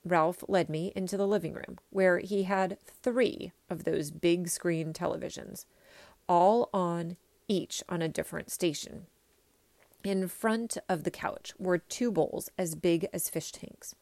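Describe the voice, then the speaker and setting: A woman reading a children's story aloud in an expressive first-person way. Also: fairly low pitch, a little slow, gravelly, no room sound. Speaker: reader.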